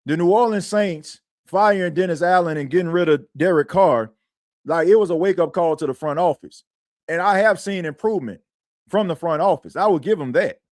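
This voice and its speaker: A man's voice: high-pitched, moderate pace, darkish tone, dry recording, clean studio sound. A man hosting a sports podcast in casual chat, rambling and slangy, repeating himself as he talks.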